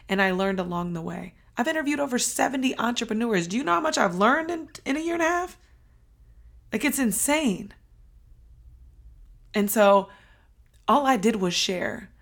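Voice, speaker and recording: A woman's voice: medium pitch, fairly bright tone. Young woman podcast host, voice kinda shot and out of breath, super pumped and emphatic, casual, swears a bit. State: losing her voice, out of breath. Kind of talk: motivational podcast monologue.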